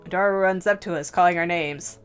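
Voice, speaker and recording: Let's-play host, a woman, low-pitched, slow measured visual-novel narration. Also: smooth, faint music behind. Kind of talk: reading a visual novel aloud.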